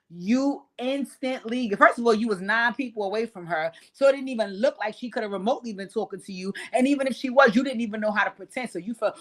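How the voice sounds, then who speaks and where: A young woman hosts a casual commentary vlog recapping reality TV, her voice a bit bright. She's sassy, blunt, and profane, with big leaps in pitch and loudness.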